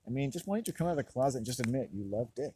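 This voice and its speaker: A man's voice: mid-range voice, lively intonation, very fast, mellow, a little hiss or hum, pitched above the performer's own voice, natural voice. A man voicing a pushy, crude young buddy who needles his friend. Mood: teasing. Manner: needling, jokey.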